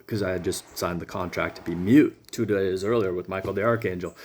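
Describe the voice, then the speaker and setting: A man telling a rambling personal story in a casual, animated way. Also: low voice, fairly quick, slight background noise. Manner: animated, casual, jumps between thoughts.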